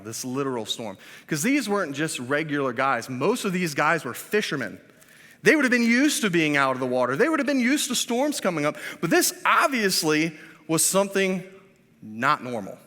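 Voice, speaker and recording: A man in his thirties preaching a sermon as pastor. He swings between hushed, drawn-out lines and loud, emphatic ones, with self-deprecating asides. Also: on the high side, big pitch swings. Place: church. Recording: reverberant church sanctuary.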